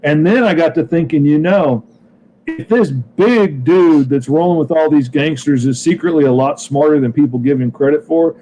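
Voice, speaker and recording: Brief: easygoing comic-creator co-host, enthusiastic, slightly raised pitch, faint noise. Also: male voice, moderate pace, dark tone, rough recording. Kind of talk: casual podcast chat.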